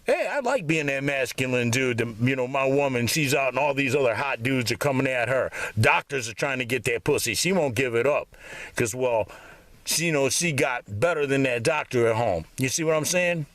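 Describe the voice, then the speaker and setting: A man's voice: mid-range voice, lively intonation, moderate pace, a bit bright, no room sound. A man in his fifties ranting bitterly in a rambling, profanity-laden monologue. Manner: bitter, rambling, swears constantly. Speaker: vlogger.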